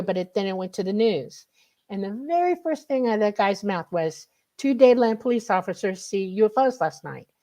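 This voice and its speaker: A middle-aged woman from the United States, a guest on a radio show, telling a personal story in a lively way and acting out her past reactions. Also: mid-range voice. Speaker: guest, contactee.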